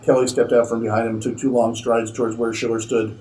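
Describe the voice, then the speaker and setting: A man, an author, reading his own fiction aloud at a convention in a steady narrating manner. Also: mid-range voice, quick pace, hardly any pauses, low-quality recording.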